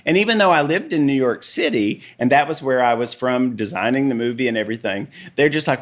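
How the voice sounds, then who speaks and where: A man with a Tennessee Southern accent, an artist guest on a podcast, telling stories in a relaxed, casual way. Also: medium pitch, a little fast, hardly any pauses. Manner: relaxed storyteller, many you-knows. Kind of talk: casual interview chat.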